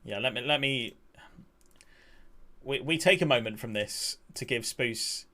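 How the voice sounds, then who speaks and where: Picture a young guy on a live game stream, chatting loosely with viewers and teasing them back. His talk is relaxed and offhand, with casual swearing. His voice sits at an ordinary middle pitch for a man. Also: unhurried. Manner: bantering, reading and answering chat, swears casually.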